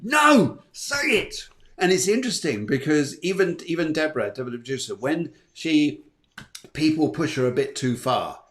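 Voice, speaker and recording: A man's voice: on the high side, animated, brisk. A man hosting a spiritual talk show, chatting eagerly and laughing often. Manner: enthusiastic, laughs often, acts out quoted voices. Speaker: host of a spiritual and astrology show. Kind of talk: casual chat.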